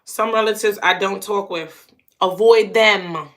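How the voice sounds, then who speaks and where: A woman talks straight to her audience in a loose, casual storytelling monologue. Her voice is bright and forceful. She drives each point home by saying key lines two or three times. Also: medium pitch, steady tone, a little slow. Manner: emphatic, repeats phrases for punch. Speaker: channel host.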